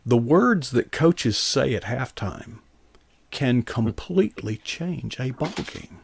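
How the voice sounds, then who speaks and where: A man's voice: medium pitch, lively intonation, slow pace, vocal fry, slightly rough, dry recording. A man hosting a casual interview, talking in a rambling way that takes detours before reaching his point. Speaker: host.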